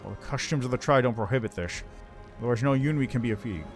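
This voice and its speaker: A man's voice: medium pitch, quick pace, soft background music, lightly acted. A man voicing a weary old tribal chief who speaks grimly and with resignation. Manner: grim, resigned.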